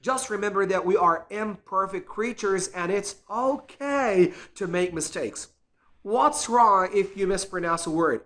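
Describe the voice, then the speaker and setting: A man's voice: high-pitched, normal speed, a bit bright. A man and English teacher giving an earnest, encouraging spoken lesson, repeating words to show pronunciation.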